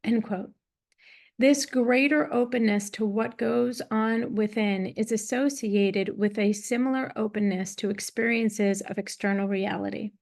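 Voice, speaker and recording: A woman reading a psychology book aloud in a measured way, calling out page numbers and quotes, with small restarts. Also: medium pitch, fairly even intonation, a little mellow. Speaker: reader of a psychology text.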